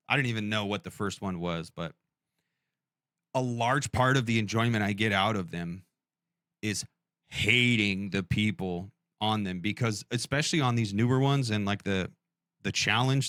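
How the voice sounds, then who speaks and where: A man's voice: fairly low pitch, fairly bright tone, dry recording, clean studio sound. A man co-hosting a podcast in loose, profane casual chat, filling his talk with "like" and "dude". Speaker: podcast co-host. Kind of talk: casual conversation.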